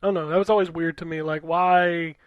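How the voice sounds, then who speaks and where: A man hosting a gaming podcast, dry and opinionated, often trailing off into quiet asides. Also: a little high, fairly even intonation, fairly quick, smooth, no echo, lo-fi sound. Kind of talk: casual gaming chat.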